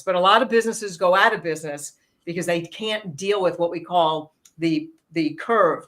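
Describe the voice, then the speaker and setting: Woman guest, lively expressive delivery, dramatizes her own thoughts mid-answer. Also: poor audio. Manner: animated, acts out inner voices with sudden pitch jumps. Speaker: guest expert. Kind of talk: conversational interview answer.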